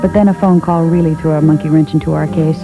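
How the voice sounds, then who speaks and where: Clipped deadpan detective narrator man. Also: fairly high pitch, fast talker, gravelly, phone-quality sound, over music. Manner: clipped, matter-of-fact.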